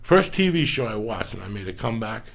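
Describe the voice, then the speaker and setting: A middle-aged man with a deeply gravelly, rough voice spins profane stories as a podcast guest. His delivery swings up and down in a lively way as he curses freely and acts out the people in his tales. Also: fairly quick. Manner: animated, swearing constantly, acting out other voices. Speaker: comedian guest.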